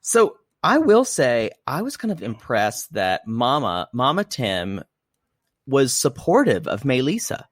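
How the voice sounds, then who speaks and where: Male co-host taping at home, bawdy and sarcastic, with a lively pitch and a dry sound. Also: unhurried, no echo. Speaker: podcast co-host. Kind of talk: casual comedic recap chat. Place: apartment room at home. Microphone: podcast microphone.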